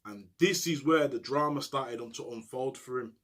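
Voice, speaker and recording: A man telling a story to camera in heavy street slang, animated and often checking in with "you get me". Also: medium pitch, normal speed. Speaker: storyteller recounting prison life.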